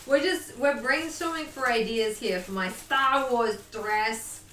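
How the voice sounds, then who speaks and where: A woman's voice: fairly high pitch, takes it slowly, sharp tone. A young woman chatting casually on a live stream, bubbly and chatty, swearing freely. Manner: bubbly, chatty, swears casually, baby-talks to her dog. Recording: echoey room, mic at a distance.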